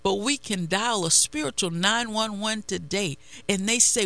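A woman preaching a devotional sermon and reading scripture, slow and deliberate, repeating phrases for emphasis. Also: medium pitch, creaky, fairly bright tone.

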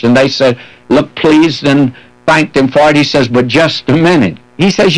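A man's voice: medium pitch, normal speed, rough recording. A man preaching a radio sermon, earnest, with folksy asides to the listener and long read scripture passages. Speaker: radio Bible teacher.

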